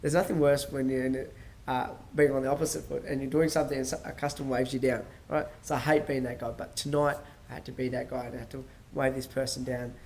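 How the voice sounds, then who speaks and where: A man's voice: medium pitch, little pitch movement, fast talker, a little mellow, slight background noise. A man hosting a podcast, talking casually in a rambling way, full of fillers and restarts, and acting out dialogue as he tells stories. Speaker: podcast host. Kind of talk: casual monologue.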